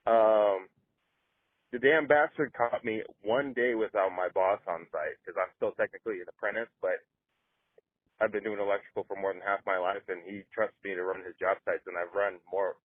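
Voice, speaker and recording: Low-voiced young man on a phone line. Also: no room sound. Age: 20s. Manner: earnest, hesitant complaining. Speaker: caller, electrician. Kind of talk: voicemail complaint.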